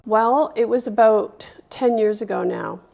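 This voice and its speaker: A woman guest recounting a personal experience in an interview, hesitant and pausing often with fillers. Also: fairly high pitch, vocal fry, over music. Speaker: guest sharing a scam experience.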